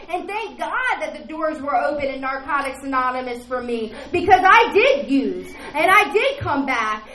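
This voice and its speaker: High-voiced woman sharing her recovery story. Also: pushed and bright, echoey room, low-quality recording. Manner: rambling, earnest, keeps asking "right?". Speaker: recovery meeting speaker. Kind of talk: personal recovery share.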